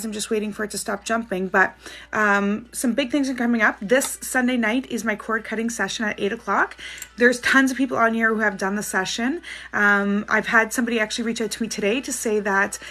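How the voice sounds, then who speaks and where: With a medium-pitched, sharp-toned voice, a psychic from Canada runs a live stream where she calls out viewers' names, reads their questions, and responds in a friendly, comforting manner.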